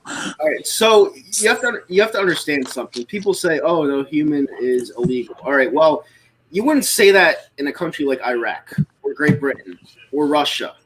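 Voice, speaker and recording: A man's voice: on the high side, lively intonation, moderate pace, fairly bright tone, a little hiss or hum, low-quality recording. A man from the United States on a live stream, explaining his views in a lecturing way and often checking in with "all right?". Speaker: stream host. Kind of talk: casual political chat on a live stream.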